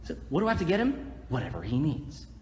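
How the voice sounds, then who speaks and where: Animated rabbi lecturing in an echoey hall. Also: male voice, a little high, fast talker. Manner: animated, joking, asks the audience questions. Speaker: rabbi teaching a class. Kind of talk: lively live Torah lecture. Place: lecture hall with live audience. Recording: echoey hall, faint room noise.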